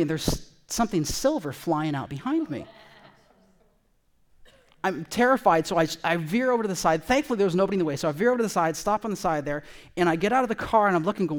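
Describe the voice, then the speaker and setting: A middle-aged man preaching with a slightly high voice. He is a pastor from California who opens with a personal story, talking in a lively, conversational way. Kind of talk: storytelling sermon.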